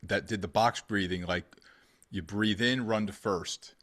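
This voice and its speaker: A man's voice: lowish voice, steady tone, measured pace, fairly bright tone. A man hosting a podcast in casual chat, rambling with many restarts and sports comparisons. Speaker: podcast host.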